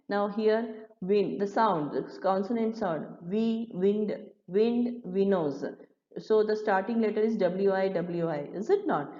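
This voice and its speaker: A woman teacher with an Indian English accent walks students through a poem, patient and a little halting. Her voice is mellow and dark. The recording is dull and lo-fi, with an echoey room around her. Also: medium pitch. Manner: patient explaining, many restarts and fillers. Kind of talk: classroom lesson explaining a poem.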